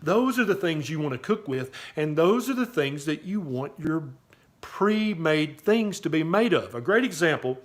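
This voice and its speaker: Man, Southern US accent, slightly high pitch, emphatic, folksy, health talk to camera. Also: animated, normal speed. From Southern US, Tennessee. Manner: emphatic, folksy, repeats "okay?" to drive points home. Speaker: doctor giving health advice.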